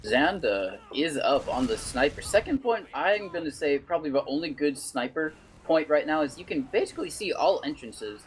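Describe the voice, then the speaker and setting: A man's voice: on the high side, expressive, normal speed, slight background noise. A man co-casting a live esports match in a laid-back, casual way, chuckling often. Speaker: esports caster. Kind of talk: live play-by-play commentary.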